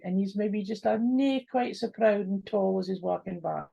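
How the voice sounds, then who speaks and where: A woman with a North-east Scots accent telling a folk tale in a lively, homely way, mixing in broad Scots words. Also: medium pitch, normal speed, creaky, husky, muffled recording. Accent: North-east Scots (Doric). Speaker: storyteller. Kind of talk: oral folk storytelling.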